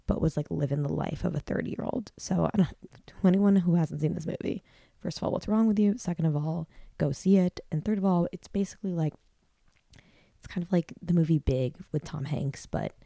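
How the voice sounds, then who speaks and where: Low, mellow-voiced woman in her twenties. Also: creaky, no echo. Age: 20s. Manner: rambling, heartfelt, many likes and restarts. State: near tears at times. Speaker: podcast host. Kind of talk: solo podcast monologue.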